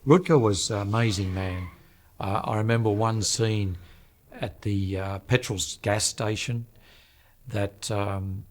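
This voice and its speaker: A man from the film crew recalling a stunt in a plain, steady way with a few fillers. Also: lowish voice, unhurried.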